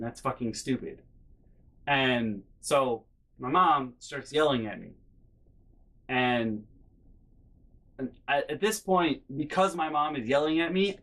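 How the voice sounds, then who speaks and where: A man vlogging a comedic story from his life in a lively, profane, self-mocking way. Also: mid-range voice.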